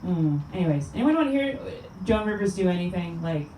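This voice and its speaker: A woman's voice: lowish voice, very animated, brisk, mellow, a little hiss or hum. Rambling woman comic in a roomy venue. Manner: chatty, rambling, filler-heavy delivery. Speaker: stand-up comedian. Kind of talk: stand-up set. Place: small comedy venue. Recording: roomy sound from a distant mic.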